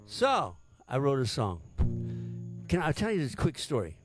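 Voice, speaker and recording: A man's voice: medium pitch, huge pitch swings, a little slow, music in the background. A man, a singer-songwriter, telling a story between songs in a rambling, hesitant way with many fillers.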